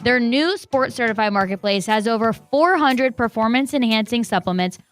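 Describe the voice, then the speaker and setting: A woman's voice: fairly high pitch, gravelly, fairly bright tone. A woman co-hosting a sports radio show, chatting and reading a sponsor spot in a conversational way. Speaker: radio co-host. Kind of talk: casual chat and live read ad.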